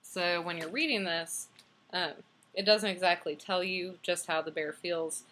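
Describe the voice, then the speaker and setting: A woman's voice: lowish voice, steady tone, unhurried, a bit bright. A young woman casually reviewing and reading a picture book aloud, enthusiastic and chatty with plenty of fillers.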